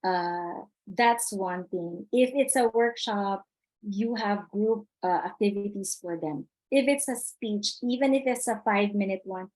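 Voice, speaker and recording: A woman's voice: mid-range voice, unhurried, darkish tone, poor audio. A woman giving a live webinar on presentation skills, chatty, reading the chat aloud and repeating her key points.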